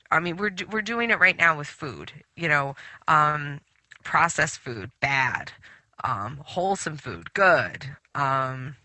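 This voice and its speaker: Woman, spiritual radio host; very bright tone, dry close sound, chatty rambling delivery with lots of fillers. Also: low-pitched, no echo. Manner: rambling storytelling with many fillers. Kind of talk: spiritual talk radio monologue.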